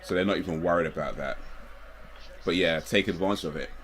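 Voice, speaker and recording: A young man streaming live, chatting in a relaxed, rambling way with chuckling asides. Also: low-pitched, a little fast. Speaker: livestreamer. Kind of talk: casual live watch-along chat.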